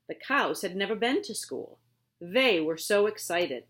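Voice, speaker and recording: A woman teacher reading a picture book aloud to her students, with expressive, drawn-out storytelling. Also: mid-range voice.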